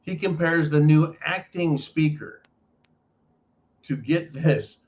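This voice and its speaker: A man's voice: on the high side, slow pace, lo-fi sound. A man hosting a political commentary show, delivering an emphatic, profane ranting monologue with lots of repetition.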